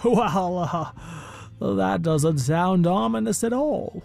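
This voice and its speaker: A man's voice: high-pitched, extremely slow, gravelly, darkish tone, faint music behind, heavily acted. A man voicing a fretful, wry young male shopkeeper in a storybook. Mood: uneasy.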